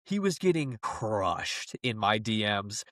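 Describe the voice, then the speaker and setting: Animated, laughing young man. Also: on the low side, slow, no room sound, studio quality. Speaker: podcast co-host. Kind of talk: casual chat.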